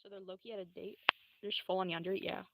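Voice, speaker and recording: A young woman streamer rambles through a story in slangy, profane talk full of fillers. Her voice sits at a middle pitch with a gravelly edge. A loud hiss runs under the recording. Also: steady tone, fast. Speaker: livestreamer.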